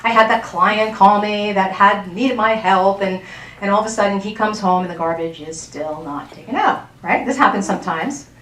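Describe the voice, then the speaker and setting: A woman's voice: medium pitch, moderate pace, a bit bright, recorded from a distance. A woman relationship coach giving a workshop talk to an audience in a chatty way, often checking in with her listeners. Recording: roomy sound from off-mic.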